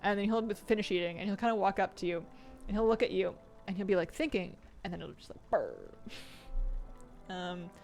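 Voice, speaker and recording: A woman streaming a video game, chatting casually with her viewers, laughing often and switching to high baby talk with her pets. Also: very animated, a little fast, creaky, a little mellow, soft background music.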